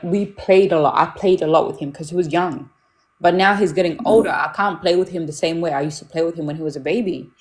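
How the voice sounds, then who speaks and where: A woman's voice: fairly low pitch, darkish tone, slight background noise. A young woman chatting casually as a mother, telling stories candidly and acting out what people said. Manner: candid, storytelling, acts out quotes. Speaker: mother talking about parenting. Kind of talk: casual chat.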